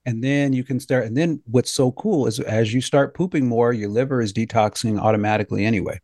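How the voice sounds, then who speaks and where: A man hosting a health talk show, telling a funny story in a joking, animated way. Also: medium pitch, a little fast, no echo, clean studio sound. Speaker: host.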